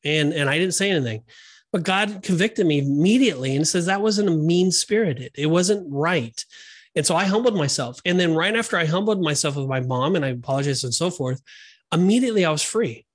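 A middle-aged man talks earnestly on a faith podcast, his voice sitting a little higher than most men's. He tells personal stories in a loose, conversational way, often stopping and restarting his sentences. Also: lively intonation, quick pace, breathy edge. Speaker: podcast co-host. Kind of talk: Christian discipleship podcast chat.

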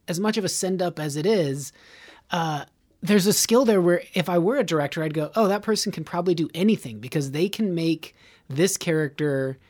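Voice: medium pitch, a little mellow. A podcast host talking casually and at length, dropping into brief put-on voices to make points. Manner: rambling, acts out short voice snippets. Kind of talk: casual chat.

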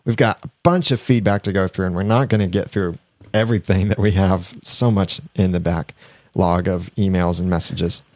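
A man's voice: low voice, fairly even intonation, normal speed, darkish tone, no room sound. A man hosting a podcast in a chatty, casual way, reading sponsor plugs and laughing often. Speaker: podcast host.

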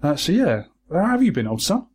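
A man's voice: a little high, sing-song, darkish tone, husky. A man hosting a podcast, chatting casually and easily with his co-host. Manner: chummy, easygoing, quick reactions. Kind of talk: casual chat.

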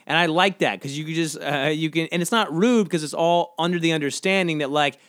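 A man's voice: a little high, fairly quick, fairly bright tone, no room sound, studio quality. A man from the American South hosting a casual solo podcast, rambling and questioning himself with lots of fillers. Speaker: podcast host.

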